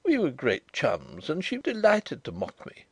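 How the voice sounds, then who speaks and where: A man's voice: wildly swooping pitch, measured pace, breathy edge, no echo, full character voice. A man reading the part of a fussy, anxious male bank manager who stammers when upset. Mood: flustered. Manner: agitated, stammering, high-strung.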